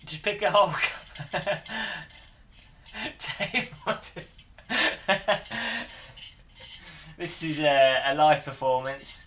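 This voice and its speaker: A man's voice: a little high, lively intonation, drawn-out words, pauses often, fairly bright tone, roomy sound. A man streaming live, chatting casually in a bemused, rambling way and laughing often.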